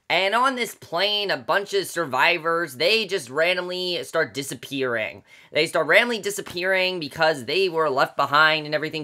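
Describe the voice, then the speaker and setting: A man's voice: a little high, sharp tone. A man giving a ranting movie review to camera, blunt and exasperated, with many fillers and restarts.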